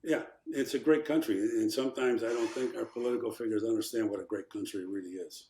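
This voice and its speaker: An older former congressman tells stories and plays out the voices of the people in them. His voice sits low, and the room around him has a noticeable echo. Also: fast talker, slight background noise. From Chicago, USA. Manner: animated anecdotes, acting out quotes. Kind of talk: storytelling in a podcast interview.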